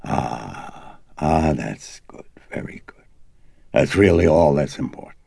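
A man with a very deep, gravelly voice reading an audiobook, voicing an older male police detective who murmurs and half-whispers, mournful and probing. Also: animated, slow pace, a little mellow, no room sound, studio quality, full character voice. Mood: wistful, probing.

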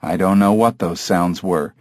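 A man's voice: sits low, steady tone, unhurried, darkish tone, no echo, studio quality, pitched below the performer's own voice. A man voicing a guarded researcher who gives curt, evasive answers in an audiobook reading.

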